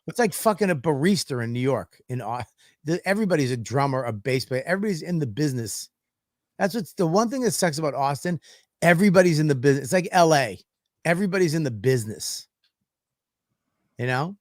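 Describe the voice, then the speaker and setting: A man's voice: a little high, sing-song, fairly quick, dry recording, studio quality. A man, a comedian and podcast host, telling stories in a profane, ranting way in casual chat.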